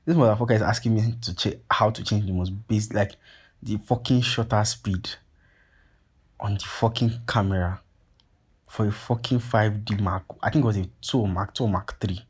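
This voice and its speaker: Husky-voiced man telling a story. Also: fairly low pitch, normal speed. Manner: profane, animated, heavy filler "like" and "you get what I'm saying". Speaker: podcast host. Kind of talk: casual storytelling.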